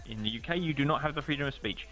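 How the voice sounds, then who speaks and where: Racing along with a bright, forceful, medium-pitched voice and faint music behind him, a young British man talks casually on his stream. He swears, airs strong opinions, and puts on silly voices to mock others.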